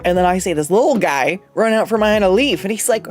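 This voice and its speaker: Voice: medium pitch, fast talker, hardly any pauses, faint music behind. Rambling, laughing casual storyteller. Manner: rambling, profane, laughs often. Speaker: artist and streamer. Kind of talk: casual storytelling while drawing.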